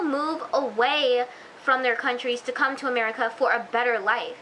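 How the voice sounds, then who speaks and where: A woman's voice: on the high side, normal speed, bright, forceful tone, slight background noise, rough recording. A woman recapping a TV episode in a chatty, gushing vlog style, full of fillers. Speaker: TV episode reviewer.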